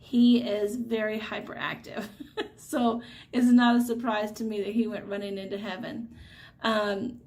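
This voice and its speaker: Fields: Sex: woman. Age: middle-aged. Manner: earnest, halting. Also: medium pitch, level tone, darkish tone. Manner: earnest, halting storytelling with many fillers. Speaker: mother sharing a testimony. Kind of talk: personal religious testimony.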